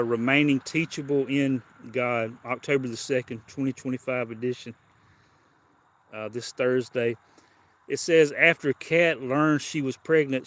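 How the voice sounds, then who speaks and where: Friendly everyday man hosting a livestream, mid-pitched voice, chatty, reads aloud slowly. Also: fairly bright tone. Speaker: live stream host. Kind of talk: casual livestream chat with devotional reading.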